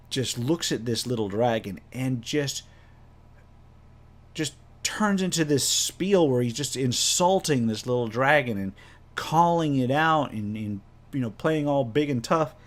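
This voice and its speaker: Man, game master storytelling, rambling, self-correcting, mid-pitched voice. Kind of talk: casual storytelling about a tabletop game.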